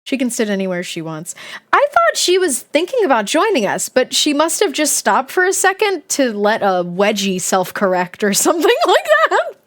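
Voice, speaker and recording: A woman's voice: high-pitched, huge pitch swings, normal speed, a bit bright. Giggly woman reading aloud to chat. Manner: giggly, chatty asides to chat. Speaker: streamer reading a book aloud. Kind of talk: casual live-stream read-aloud.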